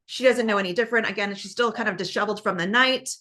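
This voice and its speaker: Bright-voiced woman recounting a case. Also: mid-range voice, quick pace. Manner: conversational, many fillers, acts out quoted lines. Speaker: podcast host. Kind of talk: casual true-crime storytelling.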